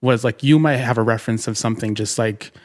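A man's voice: medium pitch, fairly even intonation, fast talker. A man co-hosting a podcast, talking casually and rambling with lots of fillers while acting out his own thoughts. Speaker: podcast co-host and writer.

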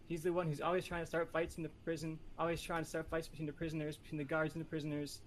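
A man pitching a movie idea on a casual podcast, playful and competitive, rambling through his ideas. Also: monotone, very fast, slight background noise. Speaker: podcast panelist. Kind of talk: casual chat.

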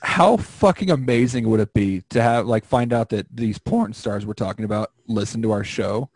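A man's voice: on the low side, moderate pace, darkish tone, breathy edge, no room sound. A young man hosting a casual podcast over a remote call, joking and rambling with crude humor. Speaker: podcast host.

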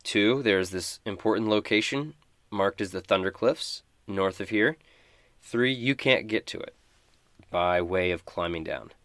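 A man running a tabletop game as game master, narrating in a relaxed, conversational way. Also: lowish voice, measured pace, no echo.

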